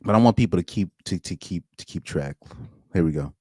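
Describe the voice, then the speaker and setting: A man's voice: low voice, lively intonation, brisk, warm tone, slightly rough, no echo, studio quality. A young adult man doing casual reaction commentary, reading posts aloud with incredulous asides and trailing restarts. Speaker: commentary streamer.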